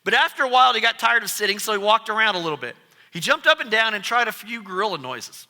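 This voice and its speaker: High, bright-voiced preacher in a reverberant church. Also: male voice, fast. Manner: animated storytelling preacher. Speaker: pastor. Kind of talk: sermon. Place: church sanctuary.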